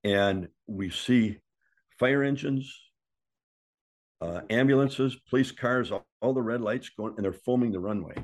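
At a measured pace and medium pitch, an older man who once wrestled tells a casual story. He's an animated yarn-spinner, acting out other people's lines and swearing without hesitation.

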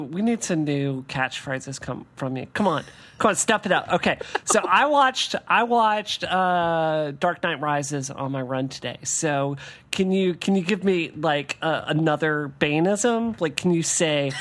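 Animated, coaxing woman co-host. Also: fairly low pitch. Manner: animated, coaxing, laughs often. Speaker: podcast co-host. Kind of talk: casual chat.

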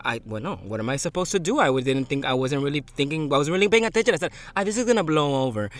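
A man co-hosting a casual chat podcast, telling stories in an animated, dramatic way. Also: a little high, very fast. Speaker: podcast co-host.

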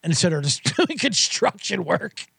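A man's voice: high-pitched, sing-song, a little slow, creaky, fairly bright tone, slightly rough, no room sound, studio quality. A man hosting a podcast, ranting in a profane, sarcastic and rambling way with many restarts. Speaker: podcast host. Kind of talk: comedic rant.

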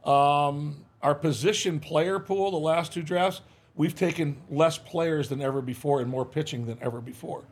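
A man's voice: a little high, normal speed, breathy edge. An older man, a former baseball manager, telling stories as a podcast guest in a casual, folksy way, acting out the quotes he tells. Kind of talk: casual interview storytelling. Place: podcast studio.

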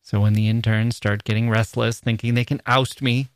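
A man's voice: medium pitch, level tone, moderate pace, no room sound, clean studio sound. A man with an American accent hosting a podcast, reading listener mail aloud in a playful, jokey and self-mocking way. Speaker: podcast host. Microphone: studio microphone.

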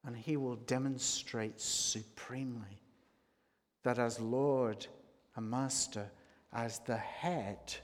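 Slow, deliberate male preacher in a hall. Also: medium pitch. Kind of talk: sermon. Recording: long hall reverb.

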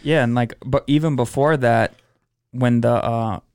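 A man's voice: medium pitch, unhurried, gravelly, a little mellow, clean tone, dry recording, studio quality. A man in casual chat, laid-back and hesitant, using many fillers.

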